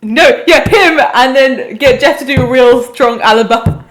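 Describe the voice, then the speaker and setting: A woman's voice: high-pitched, moderate pace. A young woman co-hosting a casual podcast chat, rambling along with lots of "like" fillers. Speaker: podcast co-host.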